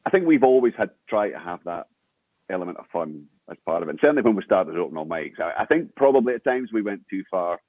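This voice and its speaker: An older Scottish man, a veteran sports broadcaster, telling lively anecdotes in an interview with lots of restarts. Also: sits low, fast talker, no room sound. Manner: animated storyteller with frequent laughter and restarts. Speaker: guest, veteran radio sports presenter. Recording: tinny phone-like remote call.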